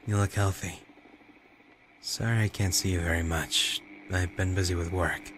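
Man doing a confused old mother, frail, fretful, low voice, faint background hiss. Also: lightly acted.

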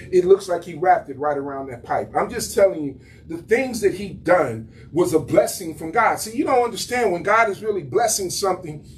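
A man's voice: a little high, a little hiss or hum. Preaching man heard from a distance. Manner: conversational preaching, repeats words as he builds. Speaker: pastor. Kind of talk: sermon. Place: small church room.

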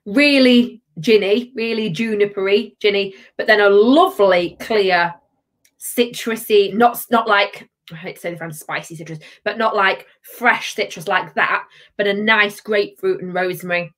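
A woman's voice: mid-range voice, moderate pace, fairly bright tone. A woman hosting a live tasting stream, chatting casually, bubbly and reading out viewer comments. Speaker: livestream host.

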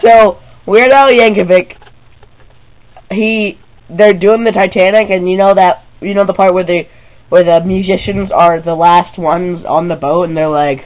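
High-pitched, excitable vlogger, rambly and chatty, on slightly muffled camera audio. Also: male voice, a little slow. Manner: excitable, rambling, addresses viewers directly. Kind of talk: casual rambling to-camera vlog. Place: own bedroom.

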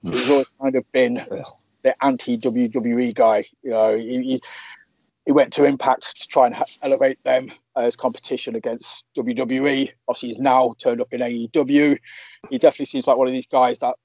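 A man hosting a casual wrestling podcast, talking in a relaxed, upbeat way with lots of fillers. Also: medium pitch, fairly quick, rough recording. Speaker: podcast host.

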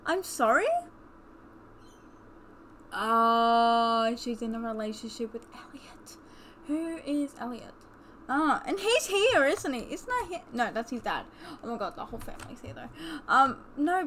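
A young woman chatting excitedly while commentating a life-sim game, gasping and exclaiming often. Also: sits high, a little hiss or hum. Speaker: let's play host. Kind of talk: casual gameplay commentary.

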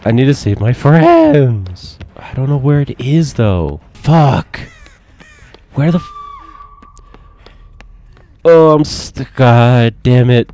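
A man giving casual gameplay commentary, excitable, profane and joking, with sudden yelps. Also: mid-range voice, slow pace. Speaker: gaming commentator.

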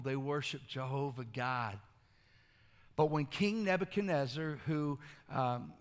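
A male pastor preaching a sermon, telling stories casually and moving between hushed, intimate lines and loud, shouted exclamations. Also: a little high, big-room sound.

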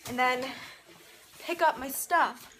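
A woman's voice: high voice, slow, a bit bright, slight background noise. A young woman chatting through a casual vlog, rambling and dramatic. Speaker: vlogger.

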